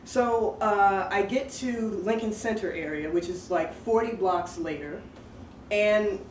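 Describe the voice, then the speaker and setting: A woman with a medium-pitched, unhurried voice tells a personal story, chatty and digressive, laughing at herself along the way. The sound is roomy, from a distant mic, with faint background noise.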